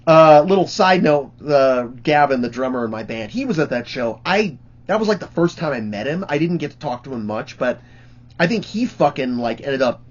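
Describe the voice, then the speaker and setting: A man's voice: mid-range voice, expressive, moderate pace, highs cut off. A man hosting his own channel, telling rambling, profane stories in a casual way with lots of fillers.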